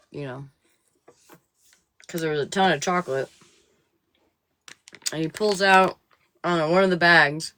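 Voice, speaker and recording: A woman's voice: sits low, normal speed, pauses often, fairly bright tone. A woman chatting casually on a live stream, telling a profane, laugh-filled anecdote.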